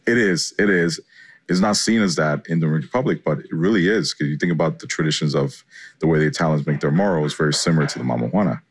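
Man, extremely low voice, chef guest, loose and enthusiastic. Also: quick pace, breathy edge. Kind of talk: casual interview answers.

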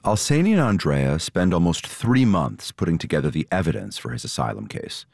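A man reporting, reading a scripted story narration in a measured, steady way and interviewing guests. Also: low voice, gravelly, no echo, clean studio sound. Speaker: reporter and host.

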